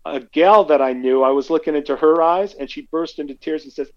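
A male podcast guest telling animated stories and acting out the quotes in them. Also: a little high, fairly quick, dull audio. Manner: animated anecdotes, acts out quotes. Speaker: guest speaker. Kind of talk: conversational storytelling.

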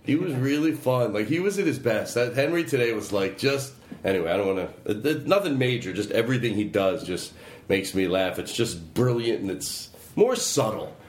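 Podcast guy going off on tangents, lively voice, echoey room. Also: on the low side, moderate pace. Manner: rambling, swearing, laughing, self-interrupting. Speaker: podcast host. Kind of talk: casual comedy chat.

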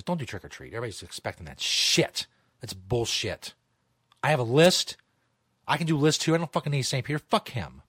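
A man's voice: mid-range voice, a bit bright, breathy edge, no echo. A man hosting a comedic talk show from a studio, rambling, jokey and profane. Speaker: host.

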